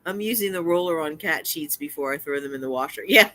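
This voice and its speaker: A woman's voice: low-pitched, lively intonation, fast talker, a bit bright, dry recording. A woman co-hosting a casual live stream, chatting, explaining things and reading out viewer comments. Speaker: co-host.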